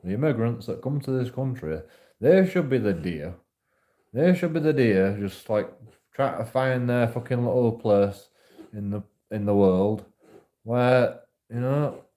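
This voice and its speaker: A man's voice: medium pitch, warm tone. A man rambling through a profane monologue to camera, repeating himself often. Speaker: vlogger.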